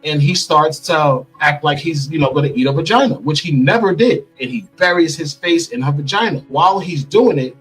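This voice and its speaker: A man's voice: fairly high pitch, fairly quick, few pauses, fairly bright tone, slightly rough, faint music behind, low-quality recording. A middle-aged man giving a candid interview, bluntly retelling events and acting out what others said. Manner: blunt, vivid retelling with quoted dialogue. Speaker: interview guest telling his story.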